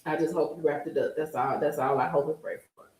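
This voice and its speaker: A woman's voice: low voice, steady tone, quick pace, darkish tone. A woman in her forties hosting a live stream, chatting casually and telling stories straight to her viewers. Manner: chatty storyteller addressing viewers directly. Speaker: livestream host. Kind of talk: casual gossip livestream chat. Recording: roomy echo.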